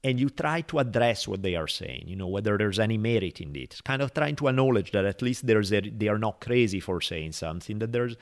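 A man's voice: lowish voice, brisk, hardly any pauses. A man hosting a podcast, talking casually and acting out quoted speech as he tells a story. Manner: animated, acts out quotes and voices in a story. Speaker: podcast host.

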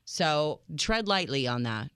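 Direct woman radio co-host, smooth dry voice. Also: sits low, slow, no echo. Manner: direct, animated advice-giving. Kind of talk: relationship advice radio talk.

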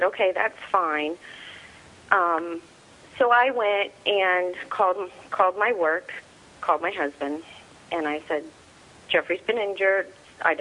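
A middle-aged woman being interviewed, telling a personal story in a halting way and retelling dialogue with many fillers. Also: on the low side, fairly bright tone, low-quality recording. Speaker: interview guest, soldier's mother.

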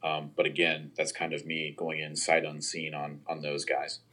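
A man's voice: rumbling low, monotone, moderate pace, sharp tone, slightly rough. A man talking football roster analysis in a casual podcast chat, hedging often with "you know" and "um". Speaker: sports analyst guest.

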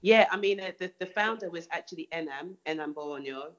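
A woman's voice: lowish voice, brisk, lo-fi sound. A woman artist answering interview questions thoughtfully, often restarting and repeating words.

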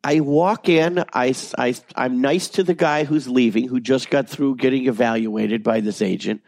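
A man who works as a voice actor, telling animated, self-deprecating stories in a casual interview and swearing freely. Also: mid-range voice, moderate pace, creaky, dry recording. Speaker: voice actor guest.

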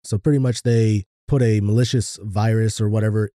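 A man's voice: on the low side, fairly even intonation, brisk, mellow, dry recording, clean studio sound. A man co-hosting a podcast in casual chat, laid-back and swearing casually. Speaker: podcast co-host.

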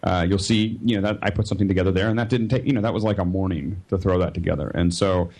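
A man with a low, gravelly voice reads a podcast sponsor spot. He talks loosely and rambles, with plenty of fillers and restarts. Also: fairly even intonation, quick pace, a little mellow. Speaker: regular podcast panelist. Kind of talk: casual podcast chat and sponsor read.

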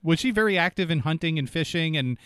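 An interviewer asks measured, probing questions in an even voice. The sound is dry and a little removed from the mic. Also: mid-range voice, smooth, no echo.

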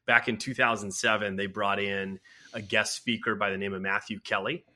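A man, a guest author and culture consultant, telling anecdotes in an animated, casual interview. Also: on the low side, moderate pace.

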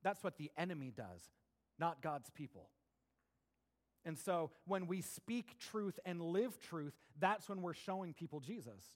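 A man with a high voice delivers a lively sermon to his congregation. He drops into soft, conversational asides, then climbs into loud, emphatic bursts as he drives a point home. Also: measured pace. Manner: animated preaching, swings between soft asides and raised emphatic bursts. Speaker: pastor.

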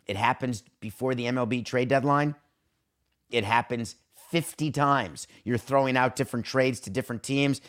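A man hosting a sports podcast, giving an opinionated monologue in an emphatic voice and acting out quoted exchanges as he goes. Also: normal speed. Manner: emphatic, acts out quoted exchanges with pitch swings. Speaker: podcast host.

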